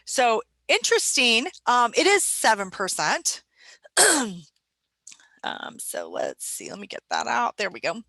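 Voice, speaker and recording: Woman trainer w/ a bright voice, chatty webinar talk, dry close mic. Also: on the high side, wildly swooping pitch, a little slow, vocal fry, no echo. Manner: conversational, asks the audience questions.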